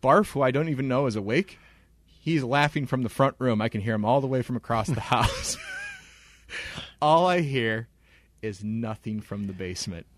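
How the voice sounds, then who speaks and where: Lively man telling a story, laughing. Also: medium pitch, normal speed, dry recording. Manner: animated, laughs often, mimics moaning. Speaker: podcast co-host. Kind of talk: casual storytelling chat.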